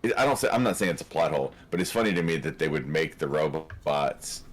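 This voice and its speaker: A man co-hosting a movie review, chatting casually, laughing often and acting out lines in quick asides. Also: very deep voice, lively intonation.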